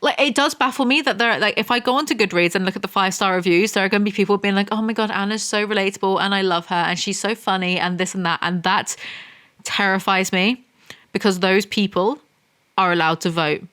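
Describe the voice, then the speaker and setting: A woman's voice: mid-range voice, brisk, fairly bright tone. A woman reviewing a romance novel in a comedic rant, reading passages aloud and mocking them with sarcastic asides. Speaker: book reviewer.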